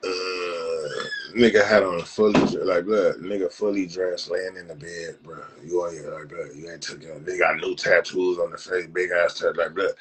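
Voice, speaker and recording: A man's voice: sits low, little pitch movement, moderate pace, fairly bright tone, slight background noise, poor audio. A young man from Compton with a Southern California accent, ranting animatedly on a livestream in slang with a lot of swearing. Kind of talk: casual livestream rant.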